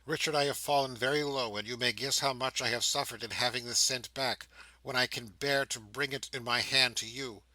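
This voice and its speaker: A man's voice: medium pitch, fairly even intonation, a little fast, pushed and bright, no room sound, poor audio. A man reading an audiobook, voicing a fallen young woman who pleads with tremulous grief. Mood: pleading.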